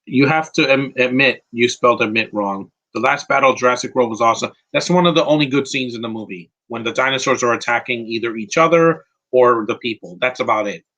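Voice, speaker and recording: A man's voice: mid-range voice, a little fast, hardly any pauses, pushed and bright, low-quality recording. A man giving a casual, rambling live commentary on a film, emotional and close to tears. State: teary, close to crying. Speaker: movie commentator.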